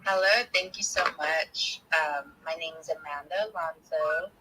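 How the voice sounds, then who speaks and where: A woman's voice: low voice, unhurried, noisy background. A woman psychotherapist from Southern California introducing herself politely on an audio chat, with hesitant fillers. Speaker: psychotherapist guest.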